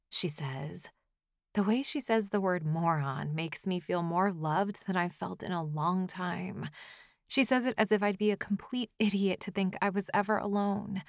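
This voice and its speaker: Soft-voiced woman narrating in first person. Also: lowish voice, dry recording, studio quality. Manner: soft, intimate, often half-whispered. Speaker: audiobook narrator.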